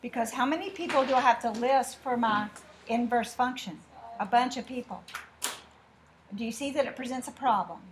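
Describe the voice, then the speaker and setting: A woman teaches a class in a slightly high voice. She talks in a chatty way and acts out little exchanges to make her point. Faint classroom ambience sits behind her. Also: background noise. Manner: chatty, with drawn-out asides and mimicked dialogue. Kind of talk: classroom lesson.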